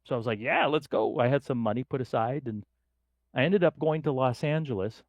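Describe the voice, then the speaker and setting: A man's voice: mid-range voice, brisk, dry recording. A middle-aged man from northern Canada, a podcast guest telling stories casually and acting out the voices of people in them. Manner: lively, acts out quoted voices in his anecdotes. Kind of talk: casual storytelling.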